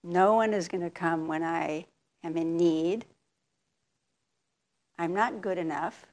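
An older woman giving a reflective talk as a meditation teacher, telling a personal story candidly and with soft laughs. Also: on the low side, slow.

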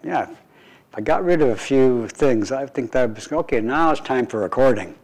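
A man's voice: medium pitch, moderate pace, poor audio. Man giving a playful dharma talk. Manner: relaxed, playful, with wry asides. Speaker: meditation teacher.

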